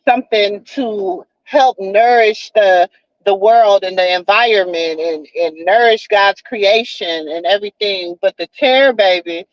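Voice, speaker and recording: A woman's voice: medium pitch, no room sound. A woman hosting a live stream, chatting in a folksy, preachy way and calling her viewers baby and child. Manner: folksy, calls viewers baby and child, repeats "you know what I'm saying". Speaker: livestream host. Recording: dull, lo-fi live stream audio.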